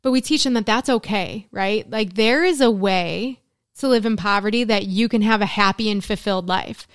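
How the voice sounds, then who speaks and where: Smooth-voiced middle-aged woman, earnest and dry. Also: mid-range voice, normal speed, dry recording. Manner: earnest, talks in long lists. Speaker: guest, works with mothers in recovery. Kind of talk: casual conversation.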